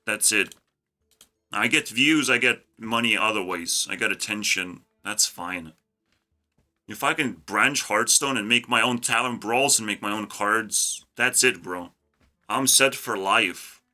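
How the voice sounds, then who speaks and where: A man's voice: fairly low pitch, a little slow, sharp tone, faint music behind. A man ranting casually about a card game, mocking and profane, breaking into laughter. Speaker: YouTube gaming creator. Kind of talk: casual ranting commentary while designing cards.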